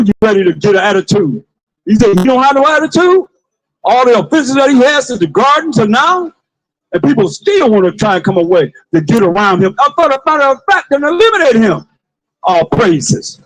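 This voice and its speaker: A man street preaching to passers-by, with forceful call-and-response, repeated phrases and bursts of shouting. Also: sits high, low-quality recording. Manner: forceful call-and-response, commands a reader to read.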